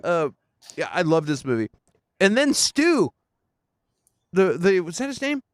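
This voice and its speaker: High-voiced man in casual movie chat. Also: measured pace, dry recording, studio quality. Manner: excited, laughing, many fillers. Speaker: podcast co-host.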